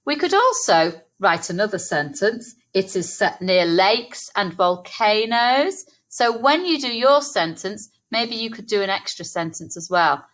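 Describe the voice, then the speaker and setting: An English woman teaching a phonics lesson to young children, sounding out words slowly and encouragingly. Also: mid-range voice, very animated, a bit bright. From England. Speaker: primary school teacher.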